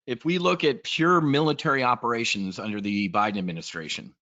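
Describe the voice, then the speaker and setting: A man's voice: medium pitch, fairly quick, sharp tone, highs cut off. A man giving a casual, blunt and profane trade briefing, talking in a rambling way as a trading educator.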